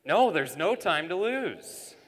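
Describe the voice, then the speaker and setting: A young man playing a blustering, scheming saloon boss barks orders in a bright, lively voice. His lines ring with long reverb through a church hall during a live school play. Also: sits high, slow pace, exaggerated voice. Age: teens. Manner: blustering and commanding. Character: scheming bossy male saloon owner. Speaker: student actor. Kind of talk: live stage acting. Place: church stage.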